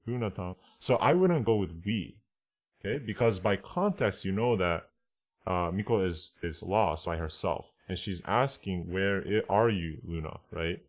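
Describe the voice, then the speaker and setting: A man with a very low voice teaches an online class in a relaxed, chatty way. He talks through his translation choices as he goes, stopping to rephrase and correct himself. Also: a little slow. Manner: thinks aloud, explaining choices with frequent self-corrections.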